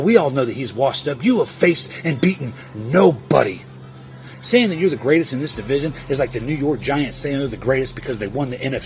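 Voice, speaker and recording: A man cutting a trash-talking wrestling promo, boastful and taunting, heaping insults on his opponent. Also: medium pitch. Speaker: online wrestling league competitor.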